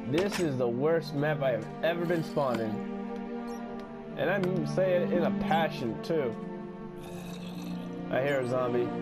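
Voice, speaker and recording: A man giving solo gameplay commentary, playful and profane, talking to himself and breaking into sudden yells. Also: medium pitch. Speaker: gaming video host.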